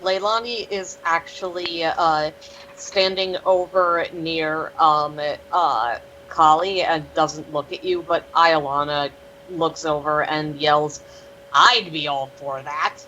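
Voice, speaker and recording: A woman narrating in a tabletop role-playing game, slow and hesitant. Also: low-pitched, steady tone, a bit bright, muffled recording, a little hiss or hum. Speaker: player.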